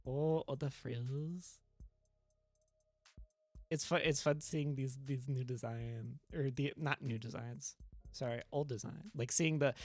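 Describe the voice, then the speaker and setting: A woman streaming a game, talking casually and gushing excitedly, with squeals and swearing. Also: extremely low pitch, no room sound.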